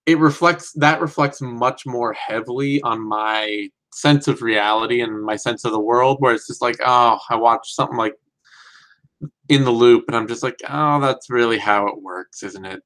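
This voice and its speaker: A man's voice: medium pitch, fairly bright tone, poor audio. A man hosting a casual film review show, talking in a rambling, self-correcting way with real enthusiasm.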